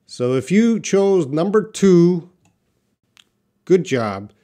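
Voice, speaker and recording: A man's voice: on the high side, sing-song, measured pace, darkish tone. A man teaching a live online English pronunciation lesson, stretching out example words and chatting casually with viewers.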